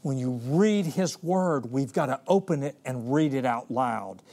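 A man preaching a sermon, dramatic, swinging between soft, slow passages and loud, quick ones, often restarting and repeating words. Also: mid-range voice, lively intonation.

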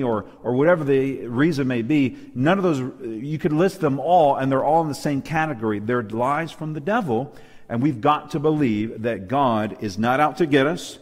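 A man preaches a sermon to a live audience in a church hall, speaking emphatically and putting questions to his listeners. His voice is medium-pitched at normal speed, and a long reverb tail follows his words.

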